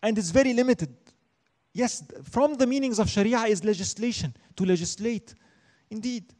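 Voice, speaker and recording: A man teaching an Islamic studies class, lecturing emphatically, asking and answering his own questions and reciting Arabic verses quickly. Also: high voice, a little mellow.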